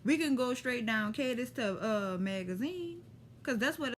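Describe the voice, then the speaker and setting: A woman with a New Orleans accent telling a story to camera in a lively, profane, slangy way. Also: on the high side, a little slow. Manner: animated, profane, street slang. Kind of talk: casual storytime.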